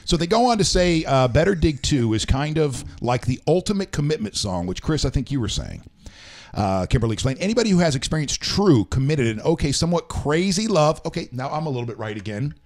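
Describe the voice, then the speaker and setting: Lively-pitched man hosting a chat show. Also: brisk. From American South. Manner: rambling, self-correcting, reads quotes aloud. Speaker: show host. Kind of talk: casual radio show chat.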